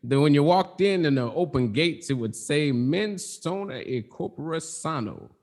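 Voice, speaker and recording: A man's voice: fairly high pitch, lively intonation, measured pace, a little mellow. A man playing a pompous, boastful founder who brags about his sanitarium, speaking in first person.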